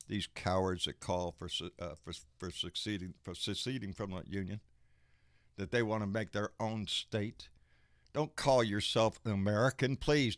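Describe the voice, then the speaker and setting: Texas guy ranting on his livestream, mad and cussing, bright edgy voice, dry close mic. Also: on the high side, no echo. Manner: angry, profane, emphatic ranting. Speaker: live stream host. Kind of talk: political rant and casual chat.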